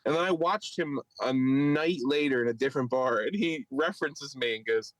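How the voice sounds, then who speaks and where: A casual storytelling chat on a podcast, where a Philadelphia-accented co-host rambles through a long tale, filler after filler, retelling it with animation. His voice is mid-range at normal speed, with no echo but a low-quality recording.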